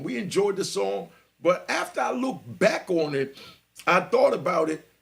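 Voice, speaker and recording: Gravelly New man telling street stories. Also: medium pitch. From New York. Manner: laid-back, full of "you know", chuckles. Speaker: podcast host. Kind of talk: street storytelling monologue.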